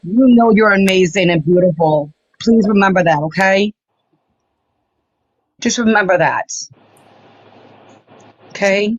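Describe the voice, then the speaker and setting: A woman's voice: mid-range voice, unhurried, pauses often, no echo. An older woman calling into a live stream, talking in an emotional, effusive way. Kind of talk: casual chat. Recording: dull lo-fi stream audio.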